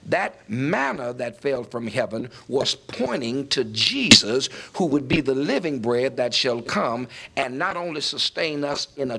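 A man's voice: medium pitch, creaky, sharp tone. A man preaching a sermon verse by verse, emphatic and building to raised points.

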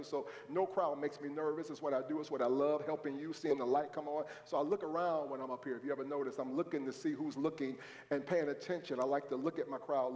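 High-voiced male pastor in echoey hall. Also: a little mellow. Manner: conversational preaching with congregation prompts. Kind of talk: sermon. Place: church sanctuary.

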